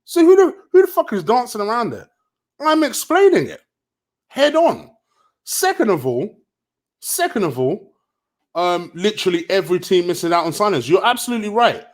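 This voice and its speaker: A man's voice: high voice, very animated, brisk. A man ranting in a late-night football vlog, heated, profane and sarcastic. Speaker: football vlogger.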